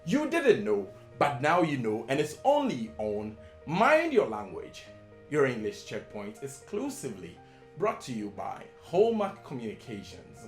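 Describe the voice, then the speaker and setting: A man presents a scripted English lesson at an unhurried pace, his pitch rising and falling widely as he stresses each point. The voice rings in a roomy, echoey space with faint guitar music behind it. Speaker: host of an English-usage show.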